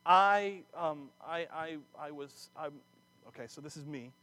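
A man giving a sermon, animated and chatty, often breaking off mid-phrase to start again and slipping in jokey asides. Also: fairly high pitch, a little slow. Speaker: preacher. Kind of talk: sermon with personal stories.

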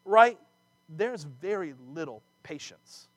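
A man giving a sermon, animated and chatty, often breaking off mid-phrase to start again and slipping in jokey asides. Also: fairly high pitch, takes it slowly. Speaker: preacher. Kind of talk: sermon with personal stories.

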